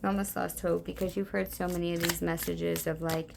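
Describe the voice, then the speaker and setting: A woman giving a soft, meandering spiritual card reading, talking intimately to her listeners with many fillers. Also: fairly low pitch, flat delivery, brisk, vocal fry, few pauses, slight background noise. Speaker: tarot card reader.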